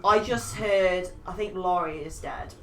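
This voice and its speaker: A woman playing a tabletop game, talking in an urgent, hurried way. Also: on the low side, noisy background. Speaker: player. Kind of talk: tabletop role-play. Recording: echoey room, far from mic.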